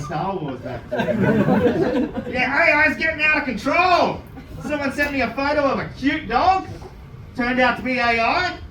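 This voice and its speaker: A man doing a stand-up set with crowd work, loud and silly, chatting with the audience. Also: extremely high pitch, sing-song, measured pace, far from the mic, background noise. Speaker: stand-up comedian. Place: comedy club stage. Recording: roomy club sound, mic heard from afar, loud crowd. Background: laughing club audience.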